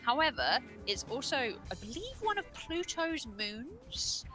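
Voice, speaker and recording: A woman's voice: sits high, wildly swooping pitch, unhurried, pushed and bright, poor audio. A woman co-commentating a game speedrun in a chatty way, laughing often and asking curious questions. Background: game music.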